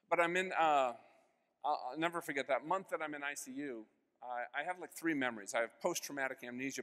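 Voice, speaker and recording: Middle-pitched man in his fifties, keynote testimony in a big reverberant hall, earnest storyteller who swings from hushed to loud. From United States. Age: 50s. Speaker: keynote speaker. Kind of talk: personal faith testimony. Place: large convention hall.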